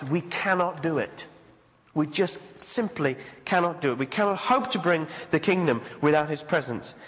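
A man's voice: a little high, fairly bright tone. A man preaching a sermon as pastor, earnest and conversational, acting out the voices he quotes. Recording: dull sound with long hall reverb.

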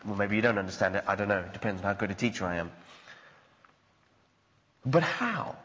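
A man's voice: lowish voice, animated, a little fast, fairly bright tone. A man preaching a sermon as pastor, earnest and conversational, acting out the voices he quotes. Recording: dull sound with long hall reverb.

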